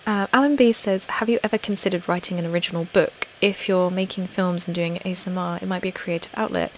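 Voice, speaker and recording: A young British woman, host of an ASMR channel, chatting casually on a live stream and reading viewer comments aloud, often slipping into a soft whisper. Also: fairly low pitch, fairly even intonation, quick pace, slight background noise, poor audio. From Britain.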